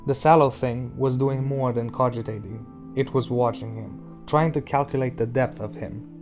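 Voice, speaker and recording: A man's voice: medium pitch, fairly even intonation, normal speed, darkish tone, soft background music. Man reading a novel aloud. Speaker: audiobook reader.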